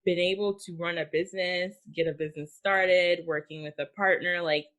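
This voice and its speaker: A woman's voice: fairly low pitch, fairly even intonation, a little fast, fairly bright tone. A woman hosting a conversational interview, speaking in a heartfelt way with lots of filler "likes". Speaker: podcast host.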